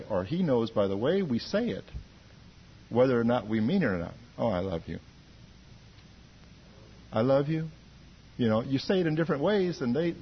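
A man's voice: mid-range voice, breathy edge, muffled recording. A man from the congregation sharing an earnest testimony in a group discussion, repeating words as he thinks. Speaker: church member.

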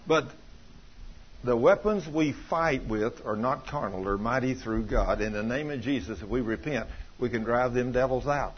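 Husky preacher. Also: male voice, mid-range voice, moderate pace, lo-fi sound. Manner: fervent storytelling preacher, rising to loud emphasis. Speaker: pastor. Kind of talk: sermon.

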